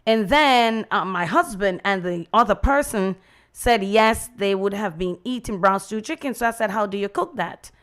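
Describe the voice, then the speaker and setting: A woman's voice: mid-range voice, normal speed. Chatty Jamaican woman radio host. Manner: chatty, animated, acts out quoted voices. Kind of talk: casual storytelling monologue.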